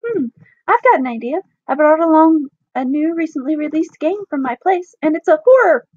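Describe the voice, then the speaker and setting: A woman voicing a cheerful young woman giving an eager sales pitch for a game. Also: expressive, normal speed, no room sound, narrow, tinny audio.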